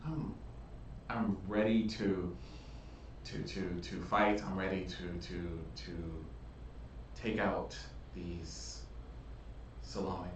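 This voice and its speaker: A man playing a tabletop game, speaking haltingly and repeating words. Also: low voice, fairly even intonation, slight background noise. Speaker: player. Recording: echoey room, far from mic.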